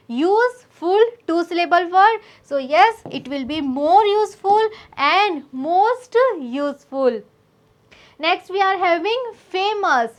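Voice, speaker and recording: A woman with an Indian English accent teaching a grammar lesson, repeating each word slowly with many "so yes" and "okay" fillers. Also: sits high. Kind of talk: classroom lesson.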